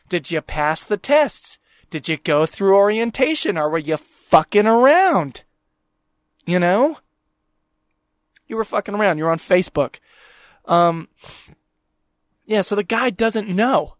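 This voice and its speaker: A young man rants through a solo podcast, exasperated and swearing at every turn, his voice sitting a little high for a man. The sound is close and dry, with no room around it. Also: normal speed, no room sound. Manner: exasperated, swears constantly, mocks people in quoted voices. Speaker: podcast host. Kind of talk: profane ranting monologue.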